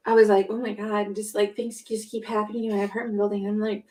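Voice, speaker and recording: A woman co-hosting a podcast in casual chat, telling stories in a rambling, excitable way full of fillers. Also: mid-range voice, quick pace. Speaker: podcast co-host. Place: home.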